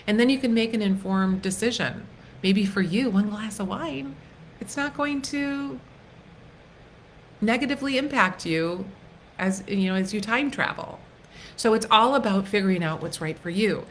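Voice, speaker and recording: A middle-aged woman coach speaking casually on a live stream, earnest and gentle, with soft pauses and restarts. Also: mid-range voice, slight background noise, rough recording. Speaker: wellness coach hosting a live workshop.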